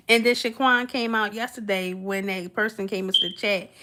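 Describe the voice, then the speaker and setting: A woman's voice: medium pitch, normal speed, pushed and bright. A woman, chatting casually and giggling with her livestream viewers. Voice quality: sweet voice. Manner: giggly, chatty, talks back to chat. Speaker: livestream host.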